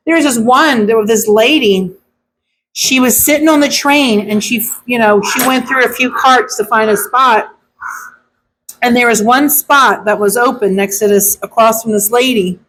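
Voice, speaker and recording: Woman dog groomer, high voice, blunt and opinionated in casual chat. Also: fairly bright tone, a little hiss or hum, low-quality recording.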